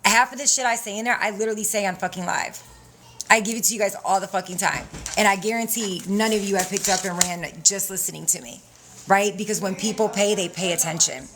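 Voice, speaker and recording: A woman's voice: medium pitch, fast talker, crowd noise. Blunt, profane woman on a livestream. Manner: profane, blunt, laughs often. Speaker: livestream host selling credit classes. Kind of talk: casual livestream chat.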